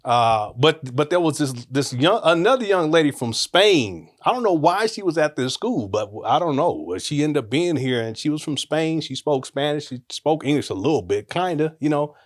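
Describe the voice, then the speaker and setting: A man in his forties, his voice a little higher than most men's, tells a story in a relaxed, off-the-cuff monologue. He speaks frankly and jokes as he goes, rambling and breaking off to restart, at a normal speed with few pauses.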